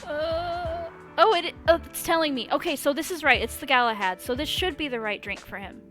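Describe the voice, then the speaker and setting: A woman streamer giving excitable let's play commentary, exclaiming often and laughing as she plays. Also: high-pitched, moderate pace. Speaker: gaming streamer. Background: loud game music.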